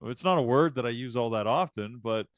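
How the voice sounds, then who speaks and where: A man's voice: medium pitch, brisk, no echo. Rambling man in casual chat. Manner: rambling, repeats words and restarts. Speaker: co-host of live trading show.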